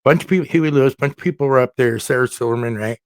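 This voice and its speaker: A man hosting a casual comedy podcast, an animated storyteller who is often laughing and joking. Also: mid-range voice, fast talker, no room sound, clean studio sound. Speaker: podcast host.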